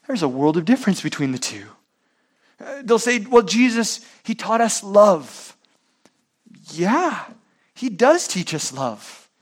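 A man's voice: fairly high pitch, husky. A man preaching a sermon, asking rhetorical questions and using sports analogies. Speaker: pastor.

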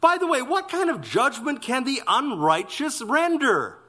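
Yeah a guy preaching in church, bright high voice, slow and punchy on the big lines. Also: very animated. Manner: emphatic, exclamatory preaching with slow stressed phrases. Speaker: pastor. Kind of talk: expository sermon.

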